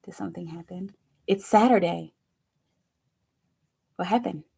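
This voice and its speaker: A woman hosting a live tarot stream, chatting casually with viewers, excitable and quick to laugh, sometimes dropping to a near-whisper. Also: lowish voice, vocal fry, background noise.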